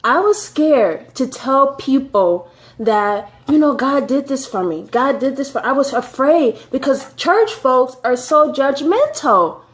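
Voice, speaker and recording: A woman's voice: high voice, lively intonation, slow pace. A woman telling her personal faith testimony in an earnest, emotional way, often repeating phrases for emphasis.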